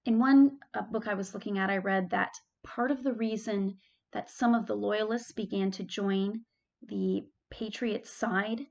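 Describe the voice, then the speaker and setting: A woman's voice: mid-range voice, fairly even intonation, measured pace, vocal fry, a little mellow, lo-fi sound. A woman giving a chatty classroom history lecture, correcting herself and adding asides. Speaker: history teacher.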